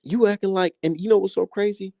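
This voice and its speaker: A young man holds forth on boxing in a loose, heated monologue, swearing freely and pitching up when riled. His voice carries a gravelly rasp, and the recording is dry and close with no room sound. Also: fairly even intonation, fast, darkish tone, no echo. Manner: profane, heated ranting that climbs high when worked up. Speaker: boxing commentary host. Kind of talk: casual boxing commentary monologue.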